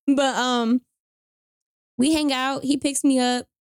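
Young woman, higher voice, dry close sound, chatty storyteller who acts out the voices. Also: slow, clear, resonant tone, dry recording. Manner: animated, lots of "like", acts out quoted voices. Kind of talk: casual storytelling chat.

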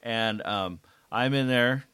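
A man's voice: medium pitch, slow, bright, forceful tone, smooth, dry recording. A man co-hosting a podcast, telling a funny anecdote in an easygoing casual chat. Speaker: podcast co-host.

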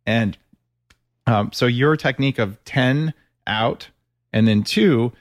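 A man's voice: medium pitch, slow, long pauses, no echo, clean studio sound. A man hosting a podcast interview, talking in a chatty, enthusiastic way. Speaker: podcast host.

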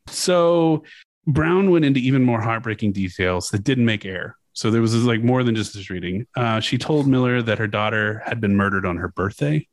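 A young man hosting a podcast, casually chatting and reading news quotes aloud, swearing and pausing with fillers. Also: medium pitch, no room sound. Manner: casual, profane, halting with fillers. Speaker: podcast host.

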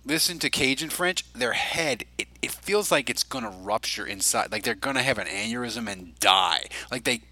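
Bright, animated man rambling casually. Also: mid-range voice, moderate pace, hardly any pauses, poor audio. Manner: rambling, filler-heavy, restarts often. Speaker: podcast host. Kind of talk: casual chat.

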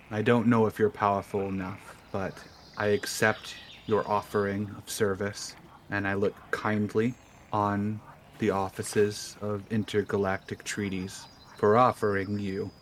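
A man voicing an ancient, solemn male frog chieftain in a measured, grave manner. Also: fairly low pitch, a little hiss or hum.

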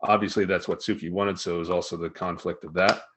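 A man co-hosting a casual podcast, recapping an anime episode in a profane, animated storytelling manner. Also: low-pitched, fast, background noise. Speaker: podcast co-host.

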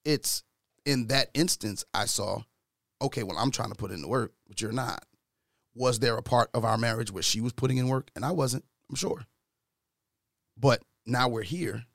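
A man talking earnestly from his own experience in a casual discussion, getting louder and higher when he retells an argument. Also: normal speed, creaky, no echo, clean studio sound. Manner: earnest, speaks from personal experience.

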